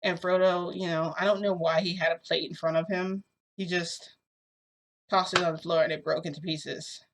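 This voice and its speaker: A woman telling a long story to her camera in a rambling, animated way, with lots of fillers, filmed indoors at home. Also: lowish voice, normal speed. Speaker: vlogger. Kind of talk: casual storytelling vlog. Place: indoors at home under a bright light.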